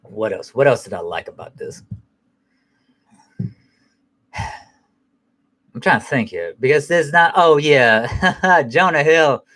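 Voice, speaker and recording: A man's voice: mid-range voice, expressive, takes it slowly, long pauses, bright, forceful tone. Middle-aged guy rambling about a movie, swearing a lot, stops and fixes what he said. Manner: rambling, profane, self-correcting. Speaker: film reviewer. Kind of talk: casual spoken film review.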